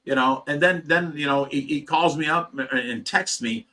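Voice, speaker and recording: Agitated middle-aged man with a bright voice. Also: fairly high pitch, normal speed, hardly any pauses. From Ohio, USA. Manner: agitated, repeats words, acts out quotes. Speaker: fish rescue owner. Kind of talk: casual venting monologue. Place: at home.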